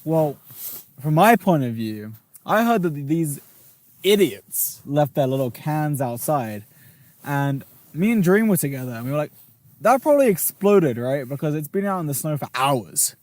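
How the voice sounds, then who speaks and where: A man's voice: on the high side, lively intonation, normal speed, a little mellow. A young man co-hosting a podcast, chatty and teasing, laughing easily while talking from inside a snow cave. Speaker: podcast co-host. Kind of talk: casual chat.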